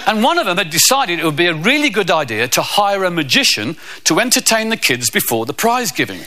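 A man doing stand-up comedy, telling a story deadpan and slipping into put-on voices. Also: high voice, a little fast, a little hiss or hum.

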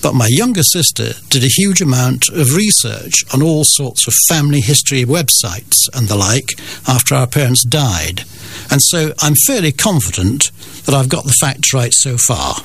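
A man's voice: mid-range voice, lively intonation, moderate pace, a bit bright, husky. An older man from the Scottish Borders, a guest telling family stories with dry, wry humour. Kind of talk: storytelling in an interview.

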